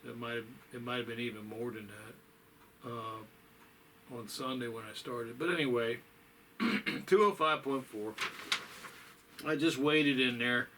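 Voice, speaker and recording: Tired, rambling middle-pitched man. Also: measured pace, long pauses, bright, forceful tone, slight background noise. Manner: rambling, folksy, with many fillers and sighs. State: tired, yawning. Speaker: vlogger. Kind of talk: casual chat.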